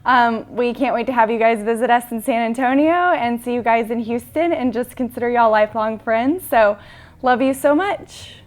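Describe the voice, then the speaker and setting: A woman's voice: on the high side, moderate pace. A woman giving a friendly, cheerful wedding video message.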